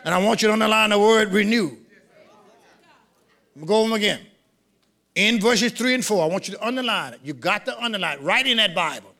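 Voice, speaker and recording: A pastor shouts his sermon in a high-pitched voice, preaching call-and-response style with lively intonation at a fairly quick pace. It's a live recording in a church sanctuary, the congregation audibly responding.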